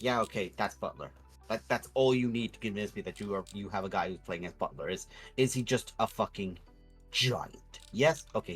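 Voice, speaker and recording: A man streaming while he draws, chatting casually in rambling, sweary, animated rants. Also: mid-range voice, slightly rough.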